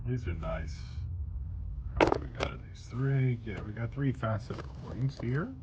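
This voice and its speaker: With loud background music and a very noisy, dull-sounding recording, a bead shop owner shows off his weekly deals in a casual, joke-filled pitch while holding the camera himself. He speaks in an animated mid-range voice at a measured pace.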